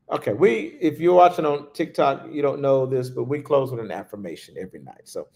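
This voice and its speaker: A man giving a livestreamed spiritual talk, slow and reflective, dropping to a hush on key phrases. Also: medium pitch, gravelly. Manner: slow, reflective, with hushed pauses. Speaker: spiritual teacher.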